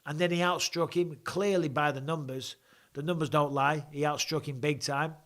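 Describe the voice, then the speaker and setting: In a steady, fairly bright and slightly high voice, a man hosts a live reaction and fan Q&A chat at normal speed. His nose is blocked, and his chatty, off-the-cuff talk is full of restarts and asides.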